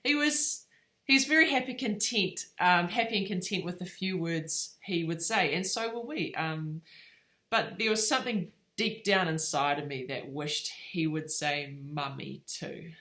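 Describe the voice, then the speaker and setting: A woman's voice: fairly low pitch, a little slow, a bit bright. A woman giving a conversational devotional talk as a mother, telling a family story informally with frequent ums and uhs before turning to faith.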